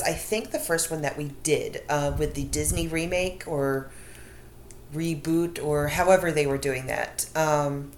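A woman's voice: low-pitched, a little mellow. A woman co-hosting a podcast, talking in an easygoing, thoughtful way with fillers. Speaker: podcast co-host. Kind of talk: casual chat. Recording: roomy echo, faint noise.

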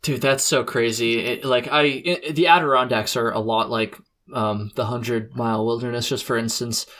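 A man's voice: mid-range voice, steady tone, moderate pace, fairly bright tone. A young man from New England hosting a podcast, chatting in a laid-back way, saying dude and like a lot and laughing often. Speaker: podcast host. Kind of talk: casual chat.

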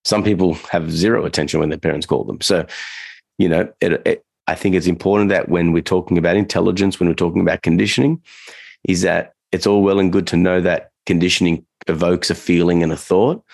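Deep gravelly man chatting on a podcast. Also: a little mellow, no echo. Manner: rambling, loose delivery with many fillers and restarts. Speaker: podcast co-host and dog trainer. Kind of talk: casual podcast chat.

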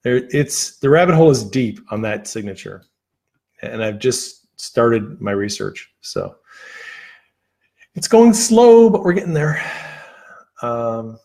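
A man talking loosely to his viewers on a livestream, his voice worn down after a long session. He wanders through his thoughts with plenty of fillers, false starts and restarts, sitting at a mid pitch for a man. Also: very animated, creaky, darkish tone. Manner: rambling, halting, with many fillers and restarts. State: losing his voice. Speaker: livestream host. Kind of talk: casual livestream chat.

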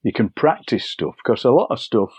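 Older male poet, anecdotal storyteller, husky low voice, dry and slightly muffled recording. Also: big pitch swings, normal speed, darkish tone, dry recording. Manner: chatty, anecdotal, acts out overheard lines. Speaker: poet and broadcaster, interview guest. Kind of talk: relaxed storytelling conversation.

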